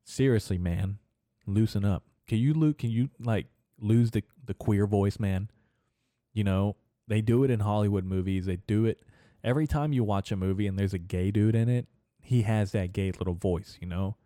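A young man rambles through his own solo podcast in a low, dark, mellow voice, swearing freely and laughing at his own jokes. The recording is dry and close, with no room sound around him. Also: normal speed, no echo. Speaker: podcast host. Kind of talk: casual solo podcast monologue.

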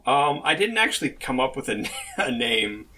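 A man co-hosting a podcast, speaking hesitantly with frequent fillers and restarts. His voice sits at a middle pitch with a bright tone. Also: very animated, moderate pace. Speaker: podcast co-host. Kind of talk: casual chat.

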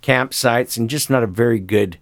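Older man with a gravelly voice. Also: mid-range voice, normal speed, dry recording, clean studio sound. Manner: rambling storyteller, lots of fillers. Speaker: guest. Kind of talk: casual conversation.

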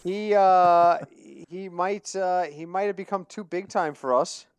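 Guy cohosting a sports podcast, kinda high voice, super animated, dry close mic. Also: a little slow, clean tone, no echo. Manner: animated, storytelling, laughs at own jokes. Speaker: podcast co-host. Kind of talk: casual sports podcast chat.

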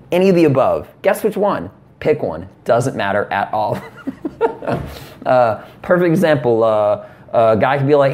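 A man giving comic relationship advice in a sarcastic, deadpan way, with casual profanity. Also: medium pitch, moderate pace. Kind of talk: comedic advice monologue.

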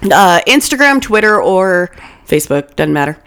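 A woman co-hosting a loose, comedic podcast. She talks in an animated, profane way, laughing and stumbling as she reads from her notes into a desk mic. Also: on the low side, normal speed. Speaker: podcast co-host. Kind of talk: casual comedic podcast chat, reading notes.

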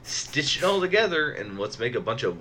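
A man's voice: mid-range voice, sing-song, brisk, a bit bright, a little hiss or hum, low-quality recording. A man co-hosting a podcast, chatting casually about movies with wry, dry comebacks. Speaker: podcast co-host.

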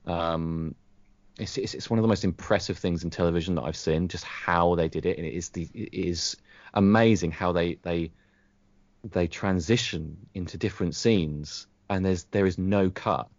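Very deep-voiced British man, enthusing. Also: moderate pace, darkish tone, no echo. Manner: enthusiastic, repeats words while searching for them. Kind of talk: casual chat reviewing a TV show. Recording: dry, dull lo-fi audio.

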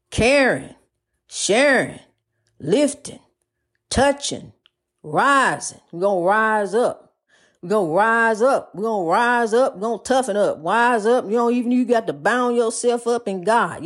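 A woman giving a motivational, preachy talk, repeating phrases in a rhythmic cadence with casual asides. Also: medium pitch.

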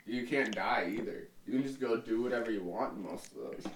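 A man's voice: fairly low pitch, brisk. A man in a casual podcast chat, mostly giving short replies and laughing often. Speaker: podcast co-host.

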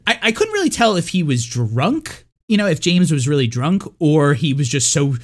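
A man's voice: a little high, big pitch swings, moderate pace. A man co-hosting a podcast, recapping a film in a rambling, casual way, full of likes and uhs. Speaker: podcast co-host.

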